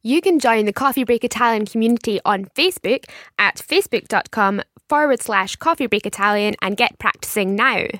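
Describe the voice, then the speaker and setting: A woman's voice: fairly high pitch, expressive, fairly quick, hardly any pauses, fairly bright tone, no room sound, studio quality. A woman co-hosting a language podcast as the learner, repeating words with an eager manner. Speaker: learner co-host. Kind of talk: scripted podcast lesson.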